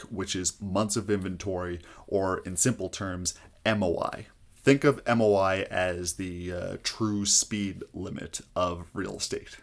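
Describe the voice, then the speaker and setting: A man with a somewhat low voice teaches housing market math to his viewers. He breaks it down step by step in a clear, explaining tone. He often pauses on "uh" as he goes. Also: a bit bright. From Canada. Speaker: real estate agent explaining market math. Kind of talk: explainer video to camera.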